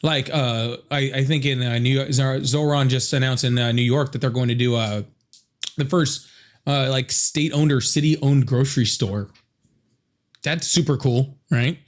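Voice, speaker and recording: A man hosting a casual live political chat, talking fast and joking with viewers. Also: mid-range voice, steady tone. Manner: chatty, fast asides to viewers, laughing exclamations. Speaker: livestream host.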